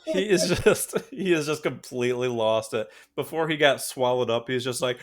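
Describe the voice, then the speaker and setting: A man's voice: mid-range voice, lively intonation, normal speed, few pauses. A man co-hosting a podcast in casual chat, rambling with many fillers and frequent laughter. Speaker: podcast co-host.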